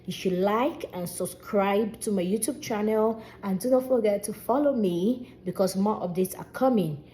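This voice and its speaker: A young Nigerian woman with a Nigerian accent, a singer and vlogger, telling her own story in a casual, animated way with bits of Pidgin. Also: medium pitch, slight background noise. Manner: animated, expressive retelling with Nigerian Pidgin touches.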